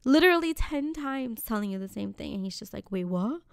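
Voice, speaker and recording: A woman's voice: on the high side, brisk, vocal fry, clear, resonant tone, no room sound, clean studio sound. A woman casually telling an exasperated story on a podcast, with lots of "like". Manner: exasperated, animated retelling with lots of "like".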